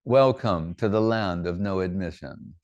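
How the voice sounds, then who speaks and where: Low voiced guy teaching, loose funny sermon, lots of you know and like. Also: unhurried, a little mellow, dry recording. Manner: chatty, humorous, storytelling, many fillers. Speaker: spiritual teacher. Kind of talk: informal sermon.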